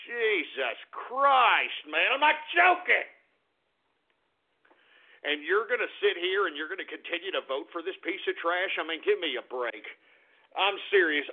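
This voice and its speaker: A man's voice: high-pitched, vocal fry. Gleeful ranting male radio host. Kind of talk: talk radio rant. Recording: tinny phone-like radio audio.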